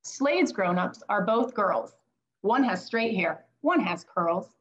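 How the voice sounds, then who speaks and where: In dull, lo-fi audio, a woman who used to teach and now writes children's books reads her picture book aloud like a teacher. Her voice sits at a medium pitch, animated, and she takes her time.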